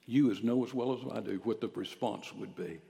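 A male pastor preaching a sermon, swinging from loud, ringing declarations down to hushed near-whispers. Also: lowish voice, a little fast, creaky, in a large hall. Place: church sanctuary.

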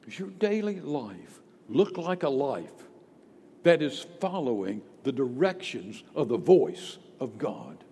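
A man preaches with a husky, fairly high voice that rises and falls dramatically. He presses the listener with rhetorical questions. His words ring out with a long reverb from the hall. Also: very animated, takes it slowly, mellow. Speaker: pastor. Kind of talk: sermon.

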